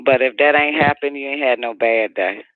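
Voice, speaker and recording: A man's voice: medium pitch, brisk, clear, resonant tone, no room sound, close to an everyday voice. A man voicing a furious woman who rants and curses scornfully at her partner, over a phone-like radio line. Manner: profane, shouting, scornful rant.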